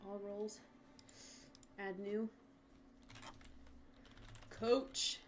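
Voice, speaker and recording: A woman's voice: medium pitch, flat delivery, very slow, a little hiss or hum. A woman streaming a game from home on a headset, chatting casually, swearing often and talking to her pets. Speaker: gaming streamer. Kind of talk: casual livestream chat.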